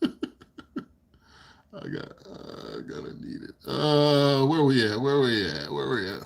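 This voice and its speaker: Husky guy on a chill live stream, talks slow, reads chat out loud, keeps chuckling. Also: mid-range voice, wildly swooping pitch. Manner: laughs often, chuckling asides while reading comments; rambling, repeats himself. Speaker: channel host reading live chat.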